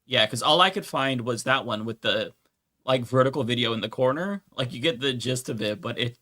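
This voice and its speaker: A man co-hosting a live podcast, blunt and casual, dropping curses as he talks. His mid-range voice has a bright, forward edge. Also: medium pitch, brisk, no room sound, clean studio sound. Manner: casual, blunt, swears freely. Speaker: co-host.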